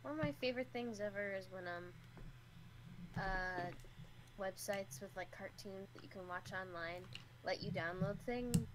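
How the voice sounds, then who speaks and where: A young woman chatting casually on a stream, rambling and halting as she talks. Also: mid-range voice, background noise. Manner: rambling, halting, self-correcting. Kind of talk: casual chat.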